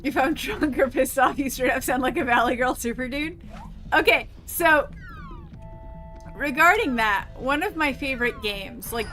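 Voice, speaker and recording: Chatty woman streamer with a bright voice. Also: sits high. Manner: rambling, chatty, swears freely. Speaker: gaming streamer. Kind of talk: casual chat while playing. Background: faint game music.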